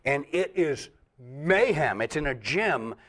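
A middle-aged man, a comedian guest, telling a stand-up story with lively acted-out voices and frequent laughs. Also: a little high, slow pace. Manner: animated storyteller, acts out voices, laughs often.

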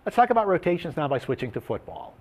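A man hosting a sports betting talk show, leading the segment in a lively, emphatic way and laying out odds and stats. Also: on the high side, fast talker.

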